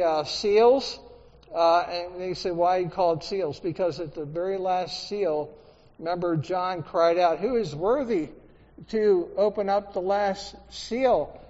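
A man's voice: high-pitched, darkish tone. A man preaching a sermon as pastor, talking conversationally and asking the congregation for responses. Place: church sanctuary. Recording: dull reverberant church recording.

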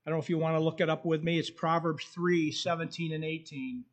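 A male preacher delivering a sermon in a somewhat high voice. He reads scripture slowly and earnestly, and a faint whistle comes from his tooth. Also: level tone. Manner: slow, earnest delivery, reading scripture aloud.

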